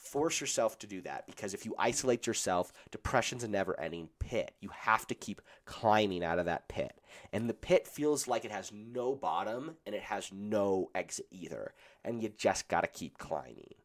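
A man hosting a solo podcast, his voice roughened by a cold, talking in an earnest, blunt and encouraging way. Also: on the low side, expressive, moderate pace. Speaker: podcast host.

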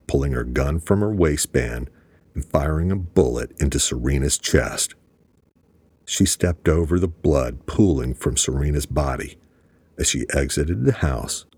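A man narrating an audiobook in a steady, measured storytelling voice. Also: rumbling low, husky, no echo. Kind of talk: scripted narration.

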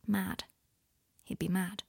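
A woman reading aloud, voicing a troubled young woman who speaks softly and haltingly, near a whisper. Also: fairly low pitch, little pitch movement, vocal fry, slightly rough, exaggerated voice. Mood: hushed.

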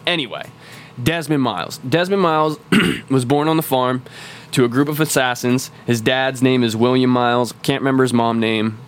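A man's voice: mid-range voice, normal speed, clean tone. A man co-hosting a podcast, casually explaining a game's story at length with lots of swearing and restarts. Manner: rambling, profane lore explainer. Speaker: podcast co-host. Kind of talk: casual chat.

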